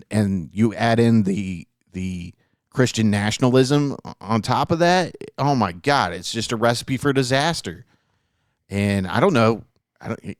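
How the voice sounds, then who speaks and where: A man with a lowish voice talks through a casual podcast chat in an earnest, rambling way, swearing freely and trailing off into fillers. His voice sits close on a studio mic with a dry, dead sound. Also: no room sound. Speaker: podcast co-host.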